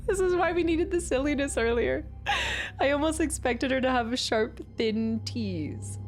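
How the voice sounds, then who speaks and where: A woman streaming a video game, chatting playfully and silly with her viewers while she plays. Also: a little high. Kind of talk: casual live-stream commentary. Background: game music.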